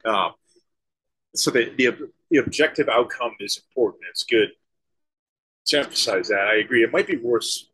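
A man, a former special-forces soldier and leadership consultant, answering interview questions thoughtfully with halting restarts. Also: mid-range voice, pushed and bright, breathy edge, rough recording. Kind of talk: conversational interview.

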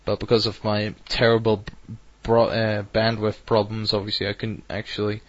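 A man's voice: fairly low pitch, monotone, normal speed, dry recording, lo-fi sound. A man hosting an online radio show, rambling and self-deprecating, hesitant as he signs off. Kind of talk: casual online radio chat.

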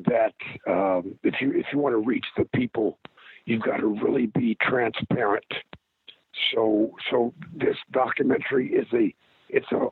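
Hoarse gravelly man on a phone line. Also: medium pitch, no room sound. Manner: halting, many restarts. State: strained, hoarse voice. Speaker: podcast guest, actor. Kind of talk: casual interview.

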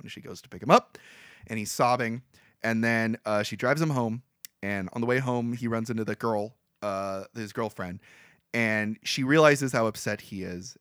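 A man co-hosting a podcast, casually retelling a movie plot in a rambling, animated way, full of fillers. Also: on the low side, no room sound, clean studio sound. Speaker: podcast co-host.

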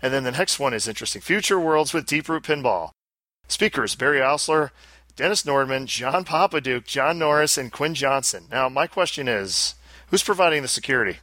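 A man from the United States hosting a casual podcast, sarcastic and deadpan. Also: medium pitch, moderate pace, no room sound. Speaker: podcast host. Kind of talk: casual chat.

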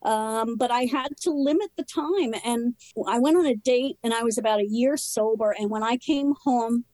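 A woman interviewed as a guest speaks candidly and earnestly about her past and her recovery in conversation. Her voice is on the higher side and warm, with short, halting phrases. The low-quality recording is close and dry, with no echo or room around it.

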